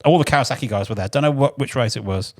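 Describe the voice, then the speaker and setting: An English man telling lively, swear-filled anecdotes from his mechanic days in a casual podcast chat. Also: mid-range voice, very fast. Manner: animated anecdotes, swears freely, acts out shouted quotes.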